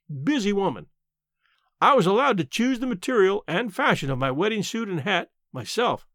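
A man narrating a first-person novel as an audiobook, with expressive storytelling delivery. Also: high voice, no echo, studio quality.

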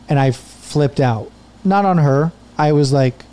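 A man in his thirties tells a rambling story as a podcast guest and swears freely. His voice sits a touch high and sounds mellow and soft-edged. The talk is loose and casual, full of restarts. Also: a little slow, clean tone. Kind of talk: casual chat.

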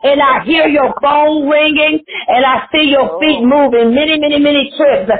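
A woman minister prophesying on a prayer line, shouting and tearful as she preaches. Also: high voice, normal speed. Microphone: phone call. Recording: tinny phone line.

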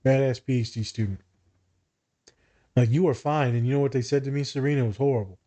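A man's voice: mid-range voice, quick pace, dark tone. Guy therapist on a podcast, swears a lot, blunt, just telling stories. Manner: blunt and profane, tells client stories. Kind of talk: casual podcast chat.

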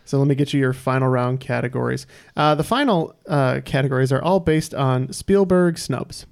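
Gravelly man hosting a trivia round. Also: mid-range voice. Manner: reads questions slowly and deliberately, with many "uh" fillers. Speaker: quiz host. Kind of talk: casual podcast trivia game.

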